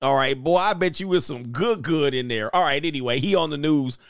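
Brief: male host, slangy joking commentary, slightly high voice, dry close mic. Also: brisk, a bit bright, clear, resonant tone, no echo. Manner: joking, laughing, slangy street talk. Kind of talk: casual reaction commentary. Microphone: headphones.

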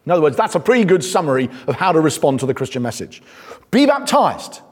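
A British man preaching to a congregation, his slightly husky voice rising and falling with animated swings of pitch. He mixes dry, self-deprecating humour with firm emphasis. The sound carries a long reverb from the hall. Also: very fast. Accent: British English. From Britain. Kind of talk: sermon.

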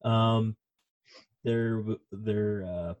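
Brief: male podcast co-host, lowish voice, casual, rambling, swears freely. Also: steady tone, drawn-out words, a little mellow, highs cut off. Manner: rambling, profane, lots of fillers. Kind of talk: casual chat.

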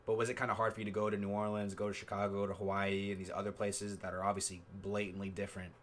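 A young man with a lowish voice hosts a podcast, spinning stories in easygoing slang. He laughs often as he talks, and a faint hum of room noise sits behind him. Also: flat delivery, very fast, a bit bright. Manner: laid-back storytelling, slangy, laughs often. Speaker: podcast host. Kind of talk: casual chat.

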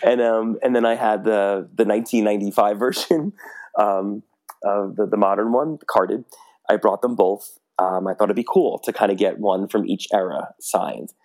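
A middle-aged man with a low, gravelly voice tells a story in easy conversation. He is animated, laughs often and acts out the lines of the people he quotes. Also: moderate pace. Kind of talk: casual storytelling.

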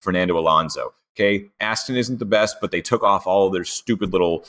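Deep-voiced man, animated podcast co-host. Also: brisk. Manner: animated storyteller, puts on voices while retelling stories. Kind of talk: casual sports chat.

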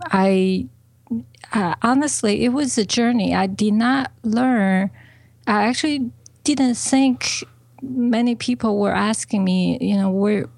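A woman guest speaking hesitantly with many pauses and fillers in a casual interview. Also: medium pitch, creaky, darkish tone, no room sound. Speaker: podcast guest, business coach.

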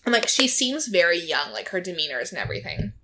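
A woman's voice: fairly low pitch, sing-song, quick pace, sharp tone. A woman in casual chat, animatedly retelling a reality show to a friend, quoting its people and laughing often. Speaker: podcast co-host recapping a reality show.

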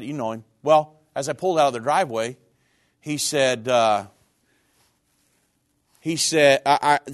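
A middle-aged man in ministry giving an earnest, emotional sermon testimony about his own life. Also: medium pitch. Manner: earnest, personal, emotional storytelling.

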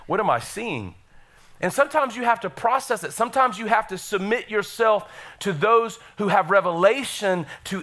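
A middle-aged man preaches in a church with a voice that sits high for a man. His tone is bright and ringing, and he keeps the energy up, calling out to the congregation as he goes. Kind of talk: sermon. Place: church sanctuary.

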